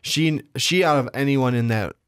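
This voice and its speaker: Casting: young male co-host, mid-pitched, easygoing, dry close recording. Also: moderate pace, smooth, no echo. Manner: laid-back, agreeable, short replies. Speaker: podcast co-host. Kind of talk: casual movie chat.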